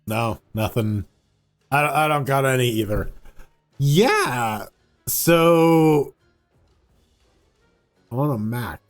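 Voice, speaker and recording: A man co-hosting a live gaming podcast, rambling and joking excitably while playing. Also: medium pitch. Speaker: podcast co-host. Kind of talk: casual live gaming chat.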